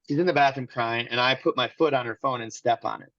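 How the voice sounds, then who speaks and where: A man's voice: mid-range voice, fast talker, a bit bright, no room sound, lo-fi sound. A man as an interview guest, candidly telling a personal story in a rambling way with many restarts. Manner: rambling, restarts often, acts out quotes.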